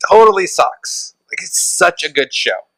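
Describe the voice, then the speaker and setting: A man's voice: sits high, big pitch swings, unhurried, fairly bright tone, dry recording, low-quality recording. A man co-hosting a casual pop culture podcast, talking animatedly and laughing often. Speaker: podcast co-host. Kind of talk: casual chat.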